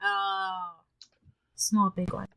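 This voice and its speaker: Bright, playful woman co-host. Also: medium pitch, monotone, drawn-out words, smooth. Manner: playful, swears, teasing. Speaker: podcast co-host. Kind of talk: casual chat.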